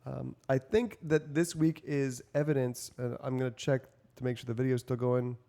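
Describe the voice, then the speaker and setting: A man's voice: mid-range voice, level tone, normal speed, vocal fry, warm tone. A man co-hosting a casual podcast panel chat, talking loosely and laughing often. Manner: chatty, laughs often, mock voices. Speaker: podcast co-host.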